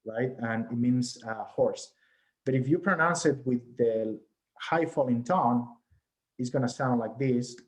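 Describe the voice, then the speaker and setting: A man delivers an academic research lecture over a video call, with a voice of ordinary middle pitch. He explains patiently, step by step, and keeps checking that the audience is following. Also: a little slow. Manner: explanatory, often checks in with "right?". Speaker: research presenter.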